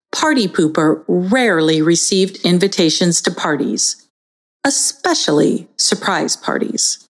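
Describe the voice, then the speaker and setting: A woman narrating a children's story in an expressive, storytelling manner. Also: medium pitch, husky.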